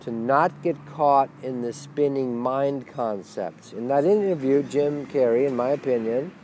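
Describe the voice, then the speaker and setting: A man speaking as a spiritual teacher in a webcast monologue, blunt and animated, swearing freely. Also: medium pitch, a little slow, slight background noise.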